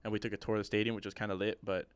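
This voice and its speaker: A man's voice: on the low side, flat delivery, very fast, smooth, dry recording. A young man co-hosting a podcast, talking sports casually and enthusiastically, rambling with restarts. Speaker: podcast co-host.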